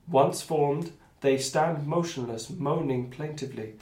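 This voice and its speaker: Game master reading the adventure. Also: male voice, fairly high pitch, normal speed. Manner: reads narration, then breaks off for sweary asides. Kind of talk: reading a tabletop adventure aloud. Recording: echoey room.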